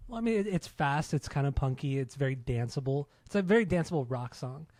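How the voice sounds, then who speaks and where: A man's voice: medium pitch, animated, fairly quick, darkish tone, no room sound. A man co-hosting a casual music podcast, talking in an easygoing, hedging way with many fillers. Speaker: podcast co-host.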